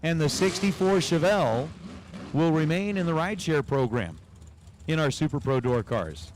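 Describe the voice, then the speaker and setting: A fairly high, animated male voice at normal speed calls drag race numbers on a livestream, chatting with viewers in the gaps between runs. A little hiss or hum can be heard.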